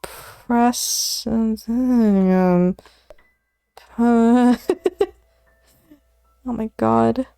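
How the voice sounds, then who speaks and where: Woman, casual study-stream talk, dark warm tone, unhurried, soft music behind. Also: medium pitch, gravelly, no echo. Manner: muttering element names to herself, often dropping to a whisper; self-deprecating, laughs at her own slips.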